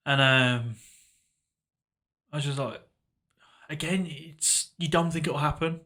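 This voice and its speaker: A young man on a podcast, recounting a painful memory in a halting, reflective way, often trailing off quietly. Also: mid-range voice, steady tone. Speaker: podcast co-host. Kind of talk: casual emotional conversation.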